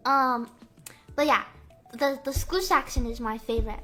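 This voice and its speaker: A woman livestreamer with a very high, bright and crisp voice chats casually, rambling and joking with plenty of "like" and "um". Faint music plays softly underneath her talk. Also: a little slow. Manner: rambling, full of "like" and "um"; playful, jokey. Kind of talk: casual chat.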